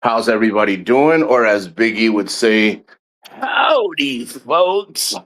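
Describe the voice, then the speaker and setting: A man's voice: on the low side, moderate pace, a bit bright. A man chatting casually on his livestream, loose and profane, with plenty of laughter. He rambles and restarts his sentences as he greets viewers and tells stories. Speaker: livestream host.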